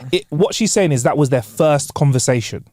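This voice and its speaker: A young man co-hosting a casual podcast chat, relaxed and slangy, often restarting his sentences. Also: a little high, a little fast, dry recording, studio quality. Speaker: podcast co-host.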